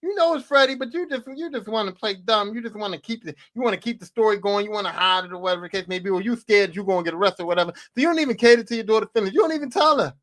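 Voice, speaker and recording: A man hosting a podcast, going on a profane, animated comedic rant and talking straight at the character he mocks. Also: high voice, rapid-fire, few pauses. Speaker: podcast host. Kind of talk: comedic rant about horror movies.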